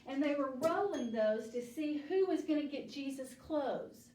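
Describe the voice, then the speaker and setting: A woman teaching a children's Bible study, telling the story slowly and deliberately and asking the children questions. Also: high-pitched, expressive, darkish tone, slight background noise. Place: church room. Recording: echoey room, mic at a distance.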